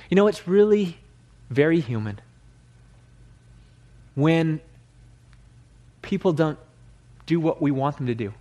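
A man's voice: on the high side, darkish tone. A male pastor preaching a sermon in an earnest, conversational way.

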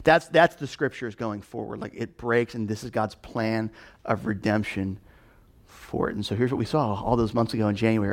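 A man in his thirties preaching a conversational sermon, animated, with many fillers and restarts. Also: mid-range voice. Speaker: pastor.

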